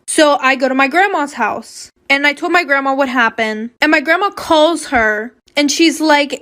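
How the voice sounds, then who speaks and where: A woman's voice: high-pitched, normal speed, hardly any pauses, a bit bright. A young woman telling a personal story in a chatty, blunt, slangy way, with some cursing. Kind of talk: casual storytime monologue.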